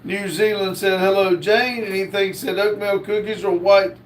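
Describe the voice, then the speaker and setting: A man hosting a casual livestream, reading viewer comments aloud in a slow drawl. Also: high-pitched, steady tone, slight background noise. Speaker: livestream host reading chat.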